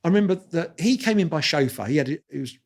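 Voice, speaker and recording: A man, telling lively anecdotes as an interview guest and restarting his sentences often. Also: on the high side, fast. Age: 60s. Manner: animated anecdotes with quoted voices and restarts. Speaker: guest photographer. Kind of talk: storytelling interview.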